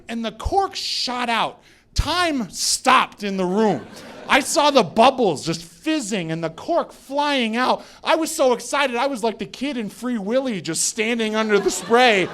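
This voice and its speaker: A male stand-up comedian from Colorado telling a story on a club stage, acting out quotes with animated bursts and shouts. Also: extremely high pitch, measured pace, slight background noise. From Colorado, USA. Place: comedy club stage before a live audience.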